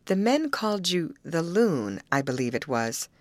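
Young woman leader, quick questions, gentle firmness, lowish voice, close dry recording, from a woman narrator. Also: big pitch swings, no room sound. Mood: urgent.

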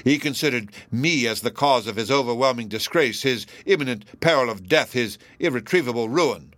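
A man reading aloud in the voice of a smug, pompous elderly judge, formal and deliberate. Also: medium pitch, fairly bright tone, no echo, lightly acted. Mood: insistent. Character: smug, self-assured elderly male judge, pompous and formidable.

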